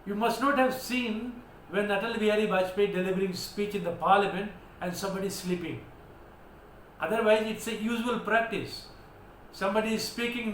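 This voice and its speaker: Indian guy teaching english words, high voice, really emphatic, roomy echo + a little noise. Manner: emphatic, declamatory, spells words out letter by letter. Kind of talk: vocabulary lesson. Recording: echoey room with faint background noise.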